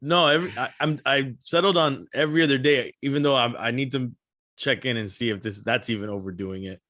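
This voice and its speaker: A man co-hosting a casual podcast, telling animated stories with frequent laughs and casual swearing. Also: mid-range voice, a little fast. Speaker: podcast co-host. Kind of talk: casual chat.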